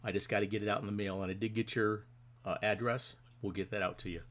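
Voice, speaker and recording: A man's voice: fairly low pitch, steady tone, fast, fairly bright tone. Rambling friendly male stream host. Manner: rambling, friendly, greets viewers by name. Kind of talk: casual live stream chat.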